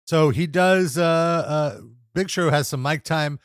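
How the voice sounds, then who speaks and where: A man's voice: fairly high pitch, slow, clean tone, no room sound, studio quality. A young man co-hosting a casual wrestling review podcast, recapping matches with frequent laughs and playful impressions. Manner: lively recapper, laughs often, mimics wrestlers and announcers. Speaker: co-host reviewing wrestling episodes.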